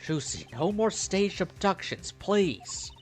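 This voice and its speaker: A man's voice: high-pitched, very animated, slow, faint music behind, voice pushed up, exaggerated voice. A man voicing a flustered young male defense lawyer, anxious and protesting, while reading game dialogue.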